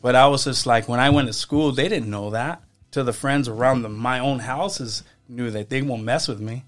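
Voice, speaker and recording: Man telling stories with restarts. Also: mid-range voice. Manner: animated, halting, with restarts. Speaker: podcast guest. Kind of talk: casual storytelling.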